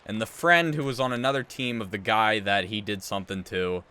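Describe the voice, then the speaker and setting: A man's voice: lowish voice, brisk, pushed and bright, slight background noise. A man hosting a gaming channel, casually telling a rambling story while he plays, emphatic and often restarting his sentences. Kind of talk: casual storytelling over gameplay.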